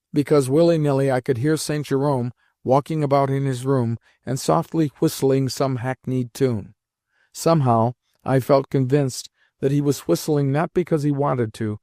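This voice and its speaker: A man narrating a classic novel as an audiobook in a measured, unhurried reading. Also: mid-range voice, warm tone, no echo, studio quality.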